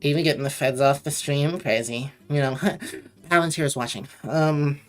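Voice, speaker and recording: Hosting a late-night drawing stream, a young woman from Connecticut chats and rambles, reading viewer messages aloud before replying. Her voice sits low at a normal speed, over soft background music.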